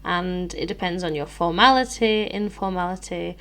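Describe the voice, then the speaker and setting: A woman's voice: on the low side, normal speed, fairly bright tone. A British woman co-hosting a podcast for English learners, explaining phrases in a chatty way and laughing often. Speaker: English teacher and podcast co-host. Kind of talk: casual teaching chat.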